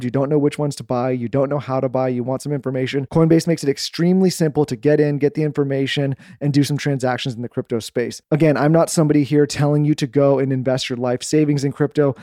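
A man hosting a podcast, reading a sponsor ad in a steady, quick delivery. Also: medium pitch, no room sound, studio quality. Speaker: podcast host. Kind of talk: host-read ad.

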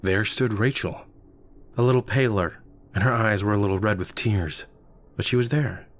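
A man's voice: lowish voice, moderate pace. Man reading a wry first-person story. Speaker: narrator.

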